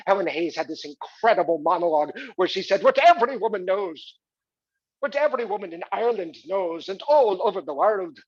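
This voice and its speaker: An actor playing a wealthy, boastful male arts patron in a theatrical monologue. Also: high-pitched. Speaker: actor in a one-man stage play. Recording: dull lo-fi recording.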